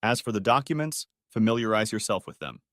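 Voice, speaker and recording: A man's voice: fairly low pitch, very animated, fairly quick, fairly bright tone, no room sound, clean studio sound. A man voicing a betrayed husband who speaks in a caustic, commanding tone. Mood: curt. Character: betrayed husband, cold and controlled, flaring angry.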